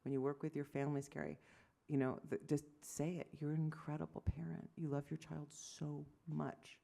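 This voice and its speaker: A woman in her fifties, a physician giving an award lecture, telling animated stories, acting out conversations and making self-deprecating asides. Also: low voice, normal speed, creaky. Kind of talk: lecture to medical audience.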